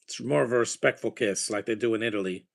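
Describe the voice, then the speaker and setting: A man's voice: on the low side, fast, gravelly. Chatty man rambling over a movie. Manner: chatty, rambling, enthusiastic about film scores. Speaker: movie watcher giving reactions. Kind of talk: casual movie-watching commentary.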